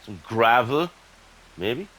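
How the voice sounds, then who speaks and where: An Irish man giving casual, excitable gameplay commentary and chatting to his viewers as "lads". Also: medium pitch, takes it slowly, poor audio. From Ireland. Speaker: gaming YouTuber.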